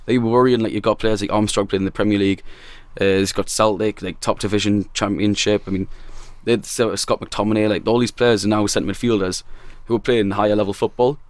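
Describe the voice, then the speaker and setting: A man's voice: on the low side, little pitch movement, a little mellow, no echo. A man co-hosting a casual football podcast in a studio, blunt and sweary. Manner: quick, blunt, sweary banter. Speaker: podcast co-host.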